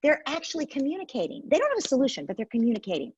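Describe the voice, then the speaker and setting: A woman's voice: sits high, big pitch swings, very fast, a little mellow, lo-fi sound. A woman, a parenting expert guest, explains her method in an interview and acts out what parents and children say.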